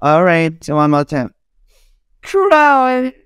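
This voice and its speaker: A woman's voice: lowish voice, very animated, slow pace, clear, resonant tone, dry recording, studio quality. A young woman teacher drilling English words for children, repeating each one and laughing between examples. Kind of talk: classroom drilling lesson.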